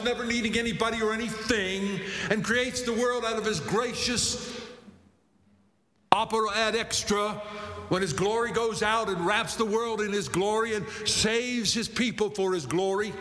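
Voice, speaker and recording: Slow-preaching pastor in an echoing hall. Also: male voice, pushed and bright. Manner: slow, emphatic preaching with wide swings of pitch. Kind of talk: sermon. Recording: long reverb of a large hall.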